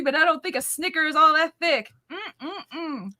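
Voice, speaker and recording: A woman who teaches, co-hosting a live question-and-answer chat in a playful, animated way. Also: high voice, measured pace. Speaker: co-host, teacher.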